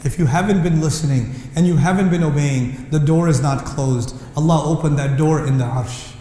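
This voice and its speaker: A man's voice: a little high, moderate pace, mellow. A man preaching a passionate sermon, building to indignant questions and quoting Arabic verses. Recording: echoey hall with long reverb.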